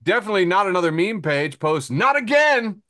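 A man's voice: high-pitched, big pitch swings, fairly quick, bright, forceful tone, no echo, clean studio sound. A man hosting a podcast, casually reading social media posts and memes aloud and chuckling between them. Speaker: podcast host.

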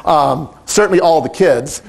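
A middle-aged man who directs animal training, telling a story in a lively, animated way and acting out the quotes. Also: on the high side, moderate pace, gravelly. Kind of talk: storytelling talk.

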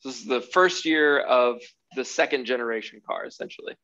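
Casting: young man, laid-back car writer, explains patiently, dull lo-fi video-call sound, mid pitch. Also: fairly quick, sharp tone. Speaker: guest, automotive writer. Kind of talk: casual podcast chat over video call. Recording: muffled lo-fi call audio.

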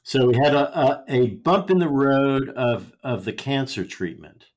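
A woman hosting a podcast interview, asking measured questions and reacting to her guest. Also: a bass voice, darkish tone. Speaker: podcast host.

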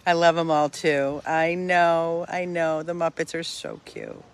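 A woman's voice: low-pitched, very animated, measured pace. A middle-aged woman from a dog rescue chatting casually in a backyard while filming on her phone. She is chatty and often trails off mid-sentence. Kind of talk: casual vlog chat.

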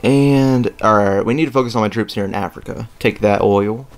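A young man hosting a let's play, rambling casually with lots of fillers and throat clearing as he plays a strategy game. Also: fairly low pitch, brisk. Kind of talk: casual gameplay commentary. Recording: faint game music behind.

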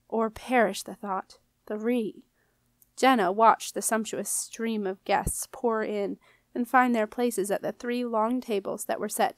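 A woman reads a fantasy novel aloud in a measured, expressive way. Her voice sits a little high for a woman. The recording is dry and close, with no room sound. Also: no echo. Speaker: audiobook reader. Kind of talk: storybook narration.

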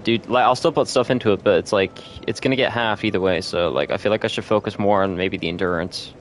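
A man's voice: on the low side, fast talker, slight background noise. A young man streaming a video game with a friend, chatting casually, swearing freely and laughing often. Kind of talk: casual chat while gaming.

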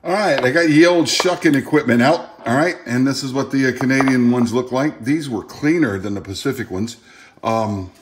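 A man's voice: mid-range voice, normal speed, noisy background. Folksy Louisiana man vlogging. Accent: Southern US, Louisiana. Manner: folksy, chatty, animated outbursts. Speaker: food vlogger. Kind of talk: casual unboxing and tasting vlog.

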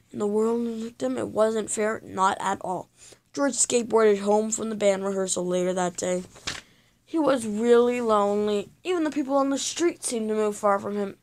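Expressive woman reading a children's book. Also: medium pitch, moderate pace. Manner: expressive, dramatic storytelling with sound effects.

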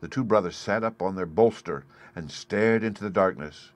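A man reading a fairy tale aloud in measured storybook narration. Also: on the low side. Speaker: audiobook reader.

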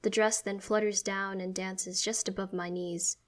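A woman's voice: medium pitch, flat delivery, normal speed. Woman narrating a story in first person.

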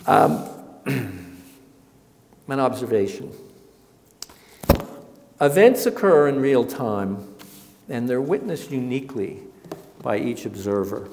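A man speaks at a public talk in a lecture room, and his voice rings with a long hall reverb. His pitch sits in an ordinary male middle range. He is an author reflecting wryly on his writing, pausing on ums as he goes. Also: lively intonation, creaky, a little hiss or hum. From Massachusetts, USA. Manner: reflective, wry, with frequent ums.

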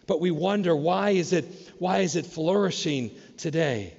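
A man's voice: fairly high pitch, lively intonation, moderate pace, vocal fry, a little mellow, big-room sound, muffled recording. A man preaching a sermon as pastor, speaking with animation and acting out questions in a raised voice. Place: church sanctuary.

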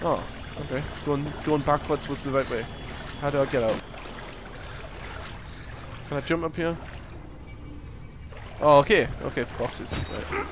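A man commentating a horror game as he plays, muttering and swearing, then breaking into panicked shouts. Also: on the high side, a little slow, long pauses, background noise. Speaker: gaming commentator.

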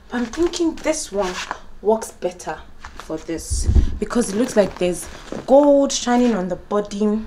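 A woman's voice: fairly low pitch, noisy background. A young woman in a casual behind-the-scenes vlog, chatting playfully to her viewers while getting ready at home. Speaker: beauty and lifestyle vlogger. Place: at home, among her filming lights.

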